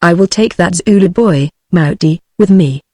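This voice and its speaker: A woman's voice: on the low side, moderate pace, warm tone, no echo, clean studio sound, lightly acted. A text-to-speech woman's voice with a British accent, voicing a young English officer in a novel, practical and reassuring.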